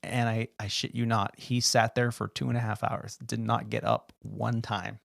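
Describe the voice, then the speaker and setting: A man, a podcast host, telling animated work stories in casual chat and acting out the people in them. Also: on the low side, moderate pace, gravelly, dry recording, clean studio sound. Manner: animated, acts out quoted people in his stories. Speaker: podcast host and flight attendant.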